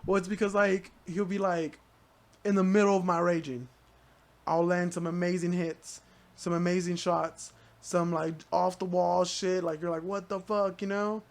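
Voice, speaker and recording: A young man as a podcast guest, chatting casually in a halting, rambling way full of "like" and "dude.". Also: high voice, level tone, gravelly. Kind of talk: casual chat.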